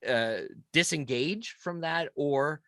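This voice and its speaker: A man's voice: on the high side, slow, fairly bright tone, no echo, clean studio sound. A man hosting an interview podcast, asking long, rambling questions with stumbling restarts. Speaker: podcast host. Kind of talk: casual interview conversation.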